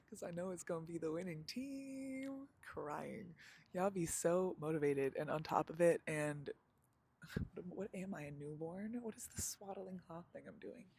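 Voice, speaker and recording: A woman's voice: on the low side, measured pace, a little mellow, husky. A young woman vlogging live outdoors in a chatty, slangy, self-mocking way, laughing often. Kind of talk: casual live vlog chat.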